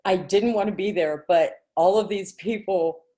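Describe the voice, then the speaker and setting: A woman's voice: medium pitch, normal speed, mellow. A woman in a book club group, telling a story with wry, self-mocking humor. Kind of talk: casual group chat.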